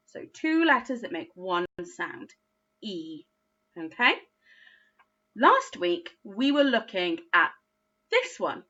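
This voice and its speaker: A woman teaching a phonics lesson to young children, speaking slowly with exaggerated, encouraging praise. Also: mid-range voice, sharp tone, dull audio. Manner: slow, encouraging, sing-song teacher talk with exaggerated praise. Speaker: early years teacher.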